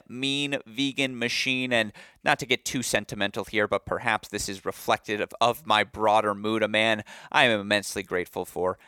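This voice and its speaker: A man's voice: on the low side, smooth, dry recording, clean studio sound. A man hosting a sports podcast, recapping matches with enthusiasm and a slightly worn voice. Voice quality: slightly worn voice after a long day. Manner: enthusiastic, gets loud and excited telling stories. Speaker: podcast host.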